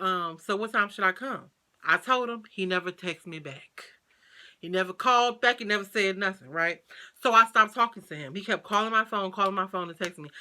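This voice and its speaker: Chatty, slangy woman telling a story. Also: mid-range voice. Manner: animated, chatty, lots of fillers and asides to viewers; slangy, swears freely. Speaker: vlogger. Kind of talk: casual storytime.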